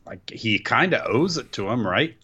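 Male podcast co-host, dry wit, lively questioning tone. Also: mid-range voice, normal speed, slightly rough. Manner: wry, questioning, dry jokes. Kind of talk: casual podcast chat.

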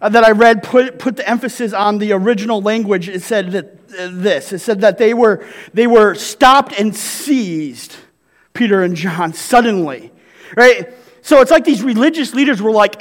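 A man's voice: sits high, animated, moderate pace, fairly bright tone, big-room sound. A male pastor preaching a sermon in a conversational way, reading scripture and often checking in with the congregation with "right?".

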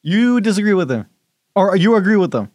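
A man co-hosting a podcast, laughing easily and talking in a playful, animated way. His pitch sits a bit high and swings widely. The recording is close and dry. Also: fairly quick, no room sound. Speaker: podcast co-host. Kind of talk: casual chat.

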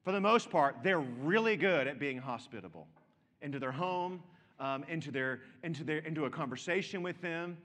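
A man's voice: on the high side, animated, normal speed, a bit bright, long reverb tail. A man preaching a sermon, stressing and repeating key words and checking in with his listeners through direct questions. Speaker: pastor.

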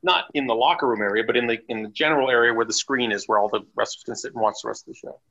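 A man's voice: mid-range voice, rapid-fire. A man, a former wrestler guest, telling blunt, profane stories in a casual chat. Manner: blunt, profane, animated storyteller. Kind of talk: casual storytelling. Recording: dull lo-fi sound.

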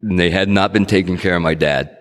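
Deep-voiced middle-aged man telling his story. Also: steady tone, fairly quick. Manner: conversational storytelling, acts out quotes, frequent restarts. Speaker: speaker sharing his recovery story. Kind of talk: personal testimony talk. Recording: long hall reverb.

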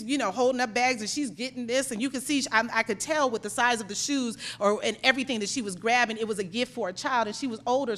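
A woman's voice: on the high side, fairly bright tone. A middle-aged woman pastor preaching a sermon, telling a story with animation and then pressing her points with emphasis.

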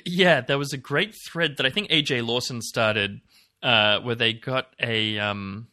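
A man's voice: mid-range voice, unhurried, sharp tone. A man co-hosting a podcast, rambling in casual chat with lots of fillers and the odd swear word. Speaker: podcast co-host.

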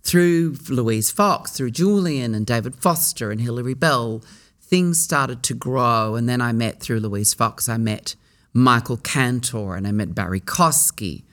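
A middle-aged man from Australia, a theatre actor, recalling his early career in a reflective interview, talking in a musing way with restarts and pauses. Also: medium pitch, fairly bright tone.

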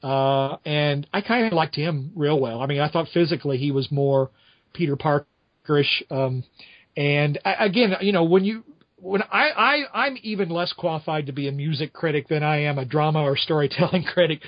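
A man's voice: on the high side, moderate pace, dry recording, lo-fi sound. A man casually talking through his opinions on a stage show, rambling with frequent restarts and asides. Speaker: podcast host reviewing a musical. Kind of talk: casual chat.

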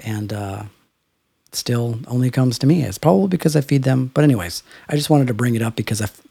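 A man's voice: mid-range voice, lively intonation, brisk, creaky, dark tone, slightly rough, no room sound. A man co-hosting a casual chat, rambling through stories with lots of fillers. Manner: rambling, storytelling with filler words.

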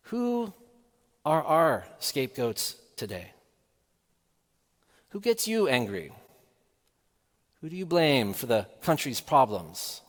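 A man preaching a sermon in a measured, earnest way, asking the listeners rhetorical questions. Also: mid-range voice, sing-song, fairly bright tone, long reverb tail.

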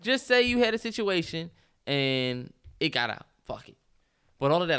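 A man's voice: fairly high pitch, big pitch swings, normal speed, sharp tone, smooth. A man co-hosting a podcast, emphatic and profane in casual chat, repeating himself as he riffs. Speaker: podcast co-host.

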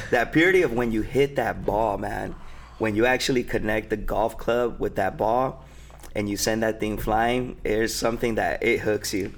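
A man's voice: lowish voice, normal speed, slight background noise. A man hosting a podcast, asking questions and backing up his co-host in a laid-back, casual way. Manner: laid-back, affirming, says "man" often. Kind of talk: casual conversational interview.

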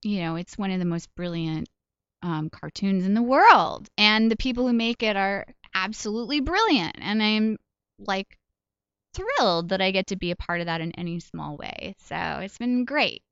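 A woman's voice: mid-range voice, lively intonation, moderate pace, a bit bright, clean tone, no echo, muffled recording. A woman comedian and voice actor chatting in an interview, telling stories in a self-deprecating way with laughs along the way. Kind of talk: casual interview chat.

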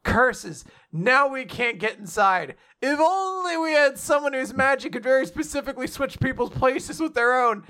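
A man's voice: very high voice, animated, normal speed, few pauses, pushed and bright, pitched above the performer's own voice, full character voice. A man voicing a smug, scheming male leader who talks sarcastically and theatrically. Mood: sarcastic.

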